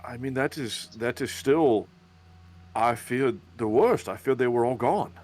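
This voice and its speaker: A man's voice: medium pitch, unhurried, a little mellow, lightly acted. A man voicing a nervous, devout male pilgrim in a tabletop game, stammering and repeating words in formal, humble speech. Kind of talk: tabletop game role-play.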